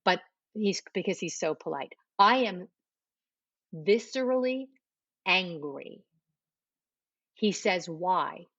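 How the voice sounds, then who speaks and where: A woman's voice: on the low side, expressive, takes it slowly, pauses often, fairly bright tone, no echo, dull audio. A middle-aged woman telling a personal testimony in an interview, acting out the dialogue she recalls. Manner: storytelling, acts out quoted dialogue. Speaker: guest.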